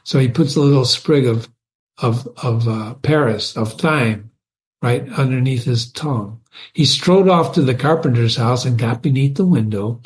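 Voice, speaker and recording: A man reading a classic comic poem aloud, pausing to explain words and images to his listeners. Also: mid-range voice. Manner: slow, explaining asides to listeners. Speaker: reader of classic poetry.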